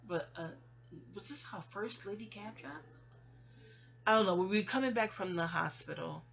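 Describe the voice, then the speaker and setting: A woman's voice: medium pitch, normal speed, creaky. A woman hosting her own channel, venting in a casual, rambling monologue full of restarts and trailing asides. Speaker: channel host.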